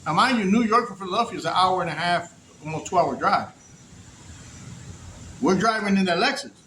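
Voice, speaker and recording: A man's voice: high-pitched, lively intonation, a little fast, bright, forceful tone, slight background noise. A man telling his own story to camera in a casual, rambling, profane way. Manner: rambling, profane, restarts often. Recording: echoey room.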